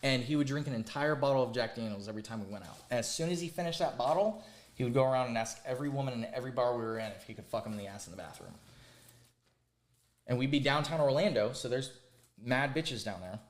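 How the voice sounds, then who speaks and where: A man hosting a podcast, telling crude stories in a casual, animated, emphatic way. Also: mid-range voice, fast, roomy sound. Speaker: podcast host. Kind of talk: casual storytelling chat.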